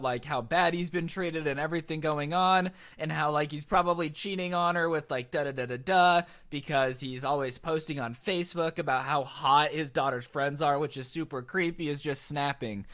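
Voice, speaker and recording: A chatty man narrating a storytime over gameplay, with a voice a bit higher than most men. He rambles in an animated way, full of fillers and asides. It sounds like casual talk straight to his viewers. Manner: chatty, animated, lots of likes.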